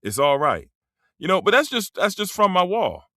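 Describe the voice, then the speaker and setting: A man's voice: high voice, huge pitch swings, moderate pace, sharp tone, no echo, studio quality. A man around fifty, talking bluntly and profanely in a rambling casual monologue as a streamer, full of slang. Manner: drops into dialect slang.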